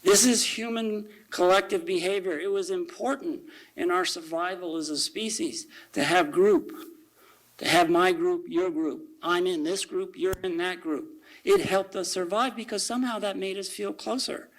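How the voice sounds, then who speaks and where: A man giving a conversational sermon at a church service, reading quotations aloud slowly and asking the congregation rhetorical questions. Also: high-pitched, poor audio.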